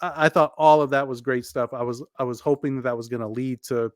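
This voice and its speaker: A man co-hosting a wrestling podcast, laying out his views in a steady, measured way. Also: mid-range voice, dry recording, studio quality. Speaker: podcast co-host. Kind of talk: casual podcast chat.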